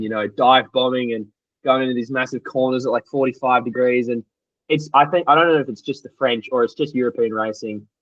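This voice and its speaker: A young Australian man tells his story in a relaxed interview, his words tumbling out in an animated rush. His voice sits at a middling pitch. The recording is dry and a little dull, with no room sound behind him. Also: no echo. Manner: animated, tumbling retelling full of "like". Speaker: guest athlete.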